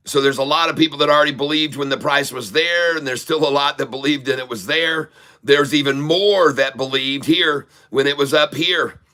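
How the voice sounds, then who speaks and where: A man's voice: medium pitch, pushed and bright. A man giving live stock trading commentary, boastful and teasing with crude jokes and frequent laughs. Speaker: stock trader streamer.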